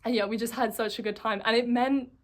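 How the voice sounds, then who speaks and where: A woman's voice: on the high side, steady tone, fast. A woman vlogger telling a personal story in a chatty, casual way, full of fillers. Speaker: coaching vlogger.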